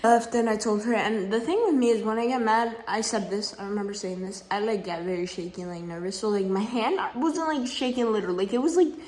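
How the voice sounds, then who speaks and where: A woman's voice: mid-range voice, quick pace, hardly any pauses, darkish tone. A teenage girl telling a work story in a casual vlog into her phone, heated and slangy, full of fillers and swearing. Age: teens. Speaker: vlogger. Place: at home, just woken up. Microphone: phone camera.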